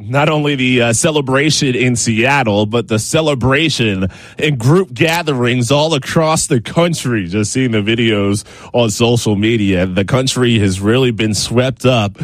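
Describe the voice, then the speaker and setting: A man anchoring a sports news show, reading scripted segments in a brisk, measured way. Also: medium pitch, dry recording.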